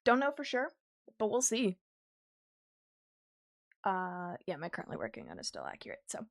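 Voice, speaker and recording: A young woman streamer chatting casually with her viewers while she draws, easily excited and quick to laugh. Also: mid-range voice, gravelly, dry recording, clean studio sound. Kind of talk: casual livestream chat while drawing.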